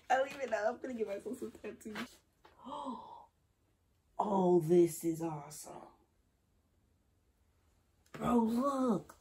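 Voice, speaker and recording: A teenage girl unboxing gifts in a casual vlog, excitable and gushing, swinging from loud exclamations to hushed gasps with slangy chatter. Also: medium pitch, a little hiss or hum. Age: teens. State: tearful at moments. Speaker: vlogger.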